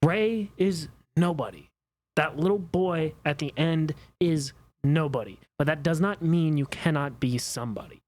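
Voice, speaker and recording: A man co-hosts a casual podcast chat in a fairly high, unhurried voice. He's passionate and argumentative, pushing back on opposing views.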